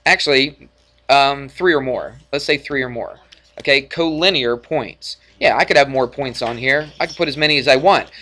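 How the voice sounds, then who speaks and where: A male math teacher lecturing a class in a classroom, energetic and jokey, often checking in with the students. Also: mid-range voice, moderate pace. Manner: energetic, jokey, asks frequent check-in questions.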